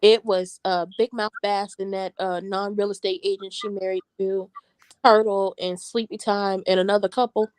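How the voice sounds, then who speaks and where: A woman hosting a casual reality TV recap, talking in an animated, sassy, slangy way. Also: medium pitch, moderate pace, clean tone, no echo. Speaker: show recap host.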